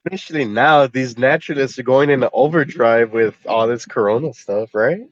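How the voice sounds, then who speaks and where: A man's voice: medium pitch, fairly quick, no room sound, lo-fi sound. A man, guest on a casual podcast over a voice call, teasing the others in a laid-back way.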